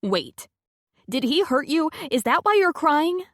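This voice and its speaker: Stern bossy girlfriend in an audiobook, firm and pushy, pitched high with brisk questions, as the woman narrator puts her on. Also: sing-song, a bit bright, no echo, clean studio sound, full character voice. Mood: stern concern. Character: stern, caring woman friend, bossy and protective.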